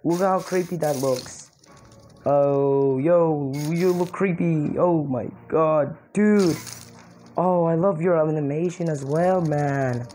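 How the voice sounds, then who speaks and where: A young woman narrates her gameplay in an excitable, exclaiming way, laughing often. Her voice sits low and sounds warm and mellow. She talks at an unhurried pace, and a faint hiss of noise stays under her voice. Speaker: mobile game player.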